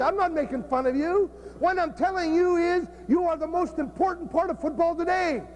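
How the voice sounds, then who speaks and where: High-voiced blunt, profane man coaching. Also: darkish tone. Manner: blunt and profane, cracking jokes. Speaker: football coach speaking at a coaching clinic. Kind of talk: humorous coaching clinic talk.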